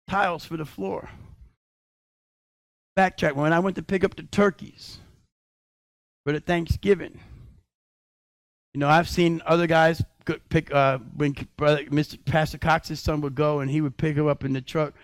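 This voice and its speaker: A male pastor preaching a sermon, shouting at his peaks, then dropping into low conversational asides and acting out quoted voices. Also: no echo, studio quality. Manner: acts out quoted voices of God and of complaining believers.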